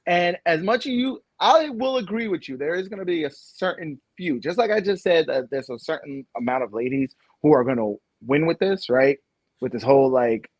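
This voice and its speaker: A man's voice: on the high side, no echo, lo-fi sound. A man co-hosting a podcast, ranting in a casual debate and laughing often. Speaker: podcast co-host.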